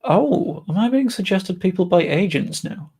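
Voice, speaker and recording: A man's voice: sits high, lively intonation, normal speed, darkish tone, slightly rough. A young man giving casual, chatty commentary while playing a game, muttering to himself and swearing offhand. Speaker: gaming streamer.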